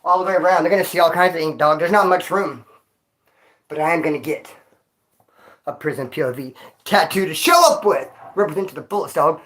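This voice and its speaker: Talking fairly quickly in a slightly high, somewhat bright voice, a male vlogger shares stories into his phone on a casual vlog. He's winded from exercising and speaks in street slang, calling the listener dog and homie.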